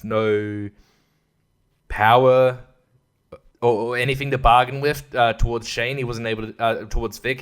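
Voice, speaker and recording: A man's voice: mid-range voice, smooth. A man hosting a podcast, ranting casually and exasperatedly about a TV finale, swearing and mimicking the characters. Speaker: podcast host.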